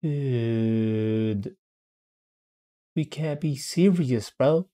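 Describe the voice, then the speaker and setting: A man hosting a casual livestream chat, excitable and repetitive, often laughing and calling his friend bro. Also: medium pitch, very slow. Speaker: livestream host.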